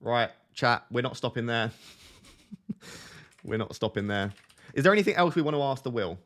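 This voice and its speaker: A man's voice: mid-range voice, expressive, normal speed, fairly bright tone. A young man chatting casually on a live stream, joking and laughing at himself as he talks to his viewers. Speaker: fantasy football streamer.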